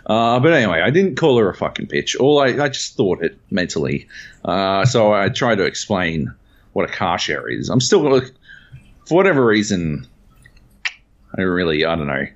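A man's voice: low-pitched, normal speed, lo-fi sound. An Australian man co-hosting a podcast, telling a story in casual chat with lots of swearing. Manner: profane, animated storytelling. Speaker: podcast co-host.

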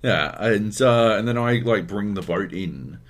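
Animated Australian man telling a gaming story. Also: fairly low pitch, a little slow. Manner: animated, swears a lot, acts out other people's lines. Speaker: podcast co-host. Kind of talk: casual storytelling chat.

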